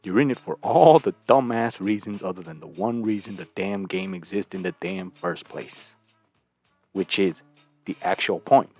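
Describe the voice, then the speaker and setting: A man's voice: low-pitched, moderate pace, darkish tone, soft background music. A man hosting his channel and giving blunt, crude reaction commentary on clips, often tossing in a rhetorical "right?".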